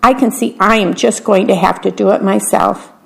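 A woman's voice: medium pitch, fairly even intonation, normal speed, vocal fry. A woman reading aloud, voicing a grumpy, self-important man who speaks crossly and demandingly.

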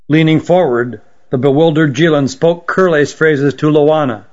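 A man's voice: a little high, normal speed, few pauses, a little mellow. Man narrating an audiobook, lo-fi. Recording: dull lo-fi recording.

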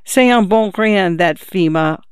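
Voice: medium pitch, measured pace, clean tone, dry recording, studio quality, lightly acted. The audiobook reader voicing an older fisherman who talks in terse, wry remarks. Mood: grumbling. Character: older Cajun fisherman, gruff and dry. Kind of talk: audiobook character voice.

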